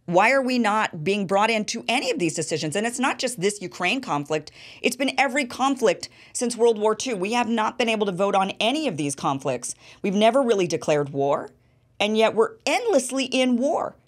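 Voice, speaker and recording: A woman hosting a political interview show, asking pointed rhetorical questions in an animated way. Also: mid-range voice, normal speed. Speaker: show host.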